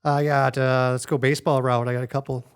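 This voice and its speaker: A man's voice: mid-range voice, flat delivery, quick pace, smooth. A man, a father of boys, chatting easily about a favorite movie on a casual podcast.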